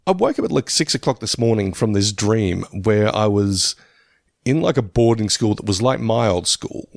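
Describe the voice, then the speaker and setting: Man, podcast co-host, animated storyteller, laughs a lot, mid pitch, dry close sound. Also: moderate pace, gravelly, no room sound. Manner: animated storyteller, laughs at his own stories. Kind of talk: casual chat.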